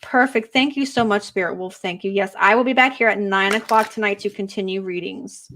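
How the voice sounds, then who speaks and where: A woman working as a psychic medium in a live online reading, speaking gently and emotionally and pausing often with fillers. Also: mid-range voice, a little hiss or hum.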